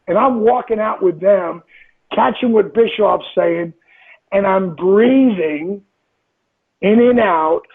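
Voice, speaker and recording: A gravelly, husky man in his sixties talks in a motivational interview. He is emphatic, loops back on key phrases and acts out inner voices. The sound is thin and phone-like. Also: high voice. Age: 60s. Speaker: interview guest. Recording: tinny phone-like line.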